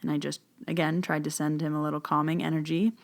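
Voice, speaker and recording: A woman's voice: low voice, flat delivery, fast, creaky. A woman hosting a podcast, telling a personal story in a casual, chatty way, full of fillers like "like" and "you know," and livening up when she quotes other people. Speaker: podcast host.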